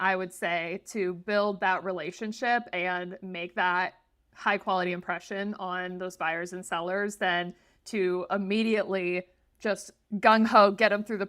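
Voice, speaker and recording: A woman's voice: medium pitch, fairly bright tone. A woman hosting a podcast interview, upbeat and encouraging, chatting casually with her guest. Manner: upbeat, encouraging, quick to laugh. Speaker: podcast host.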